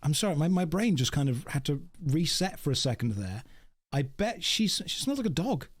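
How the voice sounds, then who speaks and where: A man's voice: a little high, sing-song, a little fast. A man chatting casually and jokingly on a game livestream, talking to his dog and to viewers. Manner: chatty, jokey, talks to his dog and chat. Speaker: streamer. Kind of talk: casual livestream chat while gaming.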